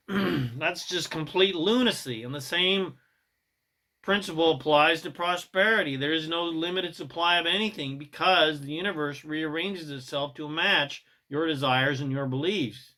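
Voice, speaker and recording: A man giving a motivational self-help monologue, emphatic and preachy, swinging between loud bursts and soft asides. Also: a little high, unhurried.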